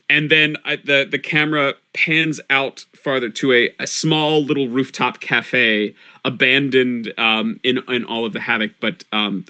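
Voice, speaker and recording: A man running a tabletop game, narrating scenes like a camera panning out. His voice is bright and clear, broken up by ums, uhs and restarts as he thinks aloud. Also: mid-range voice. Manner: cinematic scene narration with frequent fillers. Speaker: game master.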